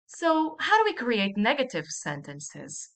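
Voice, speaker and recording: Woman teacher for a recorded lesson: unhurried, animated intonation, patient and repetitive. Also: fairly high pitch. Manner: patient, repeats each example slowly. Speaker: language teacher.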